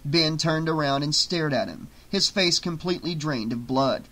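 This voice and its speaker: Bright-voiced male audiobook narrator. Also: a little high, moderate pace, few pauses, poor audio. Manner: steady, dramatic storytelling.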